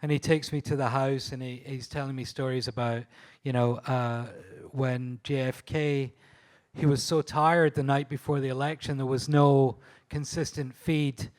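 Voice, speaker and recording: A Scottish man speaking at a live panel event, recounting his photo shoots with eager, breathless excitement. He laughs often and stumbles over his words as the stories tumble out. His voice sits at an ordinary middle pitch. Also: moderate pace. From Scotland. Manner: enthusiastic storyteller, laughs often, restarts and fillers. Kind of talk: anecdotal talk at a public event. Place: live talk venue.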